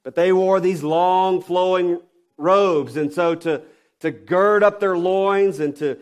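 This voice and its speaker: A pastor preaching a sermon, emphatic, with rhetorical questions and swings from loud stresses to quiet drops. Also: male voice, sits high, slow.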